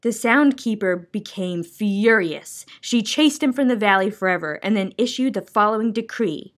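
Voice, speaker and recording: A woman library storyteller reading a children's book aloud in a clear, measured, expressive way. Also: mid-range voice.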